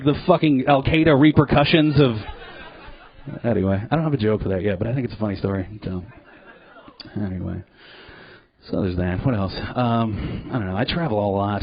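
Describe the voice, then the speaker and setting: A man working a comedy club stage, talking in an average-pitched voice that swings between loose storytelling and sudden loud outbursts, with plenty of swearing. The live recording sounds dull and lo-fi, as if picked up from a stage mic. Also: no room sound. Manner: profane, animated, jumps into loud put-on voices. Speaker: stand-up comedian. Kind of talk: live stand-up routine.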